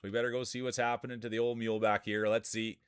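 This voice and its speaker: Male stream host calling marble races, jokey and excitable, dry close sound. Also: fairly low pitch, fast, clean tone, no echo. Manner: jokey, excitable, laughs often while talking. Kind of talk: casual live-stream commentary.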